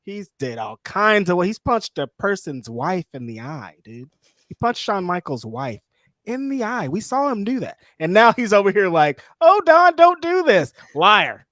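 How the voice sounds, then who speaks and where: A man co-hosting a casual wrestling recap, telling the story with animated energy and acting out quotes. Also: measured pace, dry recording, clean studio sound. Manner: animated storyteller, acts out quotes in high voices. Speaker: co-host.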